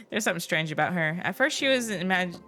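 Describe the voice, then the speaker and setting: A woman streaming a game, chatting casually and reacting aloud between dialogue, with quiet asides. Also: lowish voice, expressive, brisk, faint music behind.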